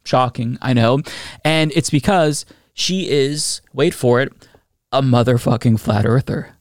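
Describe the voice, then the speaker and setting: Male commentary host; sarcastic, mid-pitched, dry close sound. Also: a little slow, dry recording. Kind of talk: political commentary.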